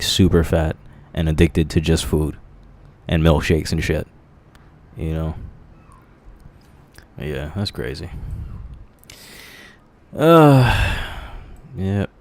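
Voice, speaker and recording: Deep male streamer, crude rambling commentary, swears freely and laughs at his own jokes. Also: dark tone. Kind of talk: casual livestream commentary. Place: dark room lit by candles.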